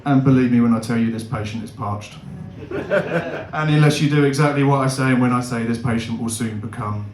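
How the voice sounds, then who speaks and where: A man's voice: medium pitch, brisk, a little mellow, echoey room, soft background music, close to an everyday voice, low-quality recording. A man doing a grand solemn doctor-hero.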